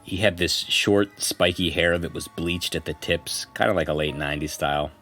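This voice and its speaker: A man with an extremely low, deep voice reads a first-person story aloud on a podcast, slipping in loose conversational asides between passages. Faint music sits quietly behind him. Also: steady tone, moderate pace. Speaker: podcast co-host. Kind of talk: reading a forum post aloud as a story.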